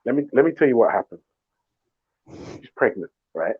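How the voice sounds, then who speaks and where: A man's voice: mid-range voice, moderate pace. A man, hosting a casual chat and telling a story, mimicking other people's voices as he talks. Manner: animated, mimics voices in stories. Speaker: show host. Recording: muffled remote call audio.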